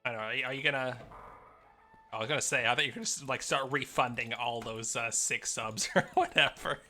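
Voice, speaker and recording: Bright-voiced American man streaming a game. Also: mid-range voice, a little fast, soft background music. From United States. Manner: rambling, easygoing, muttering asides while playing. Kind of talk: casual live game stream, answering chat.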